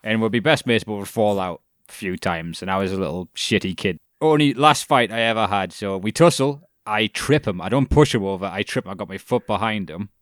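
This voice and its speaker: A man's voice: lowish voice, a little fast, few pauses, a bit bright, dry recording, clean studio sound. A British man chatting casually and swearing freely, often laughing as he tells stories. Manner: sweary, laughing, loose storyteller. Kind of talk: casual chat.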